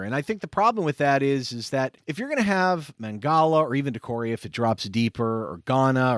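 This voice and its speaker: A man's voice: mid-range voice, no echo, clean studio sound. A man co-hosting a sports podcast, talking casually and getting heated and exasperated. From United States. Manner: animated, gets heated and exasperated. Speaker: podcast co-host.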